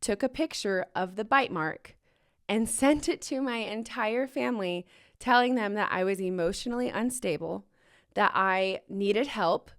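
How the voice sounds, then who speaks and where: A young adult woman hosting a podcast, telling a personal story to her listeners candidly and with strong emotion, breaking into rueful laughs. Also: mid-range voice. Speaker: podcast host.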